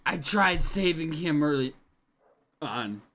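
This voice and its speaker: A man's voice: sits high, big pitch swings, slow pace, fairly bright tone, voice pushed up, heavily acted. A man voicing a self-pitying drunk man in a tabletop game, slurring and petulant. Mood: ranting.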